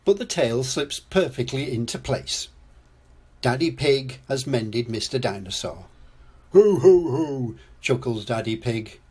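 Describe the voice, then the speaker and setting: An older man reading a children's storybook aloud as a storyteller grandad, in a slow gentle read-aloud. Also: mid-range voice, slightly rough.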